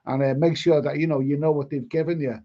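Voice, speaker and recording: A man's voice: a little high, steady tone, quick pace. A man hosting a casual live stream, reading viewer comments and telling rambling stories with blunt, mildly sweary asides. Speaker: livestream host reading chat. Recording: dull lo-fi stream audio.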